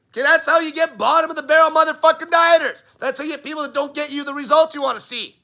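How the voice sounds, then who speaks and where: A man's voice: very high-pitched, steady tone, fast talker, bright, forceful tone. A man hosting a live diet Q&A, talking bluntly and swearing constantly in an emphatic rant. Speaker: diet channel host.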